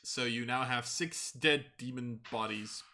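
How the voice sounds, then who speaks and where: A man narrating as game master in a tabletop game, chatty and quick to laugh. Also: mid-range voice, sharp tone. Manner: laughs often, loose and chatty.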